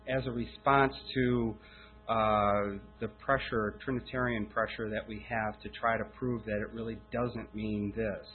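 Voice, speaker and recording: A man giving a measured, explanatory sermon talk on a Bible passage, pausing and correcting himself as he goes. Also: mid-range voice. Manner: measured, explanatory, with fillers and restarts. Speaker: Bible teacher. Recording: phone-like lo-fi with mains hum and faint music.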